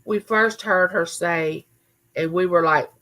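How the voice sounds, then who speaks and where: A woman hosting a relaxed livestream from a room in her home, reading viewer comments and talking back to people by name. Her voice is on the low side for a woman, with a bright, forward edge. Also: slow, poor audio. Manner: chatty, answers viewers by name. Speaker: livestream host. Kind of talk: casual live chat reading viewer comments.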